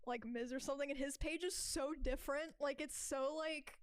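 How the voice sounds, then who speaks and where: A woman's voice: high voice, steady tone, moderate pace, no room sound, studio quality. A woman streamer in casual chat, talking with lots of fillers and trailing phrases.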